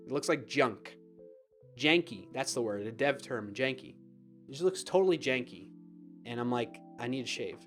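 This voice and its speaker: A man hosting a live stream, chatting casually, reading viewer comments aloud and laughing at himself. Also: medium pitch. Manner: chatty and self-deprecating, laughs often.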